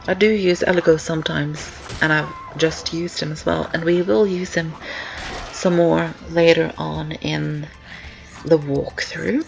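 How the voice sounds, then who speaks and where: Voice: medium pitch, steady tone, measured pace, creaky, low-quality recording. A young student giving casual gameplay commentary, rambling and repeating with many ums, out of breath with a sore throat. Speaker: let's-play commentator. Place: indoors at home, rain on the windows. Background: game music.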